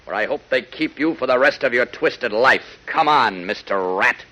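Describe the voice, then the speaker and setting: An actor playing a confident, commanding adult superhero in a 1940s radio drama, with a cheerfully assured delivery. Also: male voice, medium pitch, expressive, normal speed, pushed and bright, rough recording. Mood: stern. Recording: old radio broadcast.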